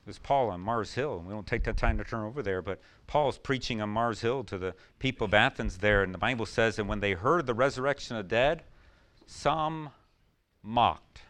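A man preaching a sermon, swinging between loud emphatic questions and quiet, low storytelling. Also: moderate pace.

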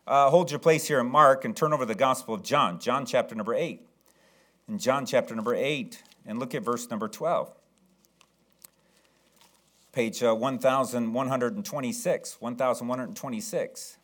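A man preaching a sermon as pastor, slowing down to read verses aloud and calling on the congregation to answer. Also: mid-range voice, a bit bright. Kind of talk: sermon with scripture reading.

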